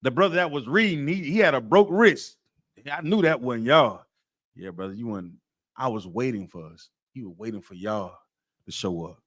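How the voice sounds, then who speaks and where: A man's voice: mid-range voice, animated, moderate pace, a bit bright. A man teaching a scripture class in an emphatic, streetwise, repetitive way. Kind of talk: preaching-style class lecture.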